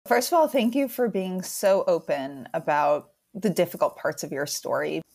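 A woman hosting a podcast who asks careful, gentle questions and adds short narrated notes in a measured way. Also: lowish voice, vocal fry. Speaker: podcast host. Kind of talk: interview questions and recorded narration.

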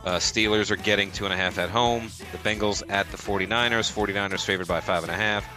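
A man hosting a casual sports podcast, running briskly through the week's matchups with loose, profane banter. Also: on the low side, steady tone, music in the background. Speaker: podcast host reading the game lines.

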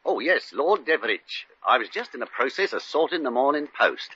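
An actor playing a nervous, fawning resort clerk who stammers and fusses, in 1940s radio comedy. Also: male voice, medium pitch, sing-song, a little fast, background noise, natural voice. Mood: flustered. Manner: flustered, stammering and deferential. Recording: dull lo-fi old radio recording.

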